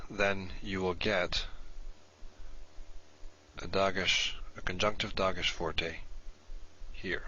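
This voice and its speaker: Deep-voiced man lecturing on a dull recording. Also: sharp tone, a little hiss or hum. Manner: methodical, lists conditions step by step. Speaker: Hebrew grammar lecturer. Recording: dull lo-fi video playback.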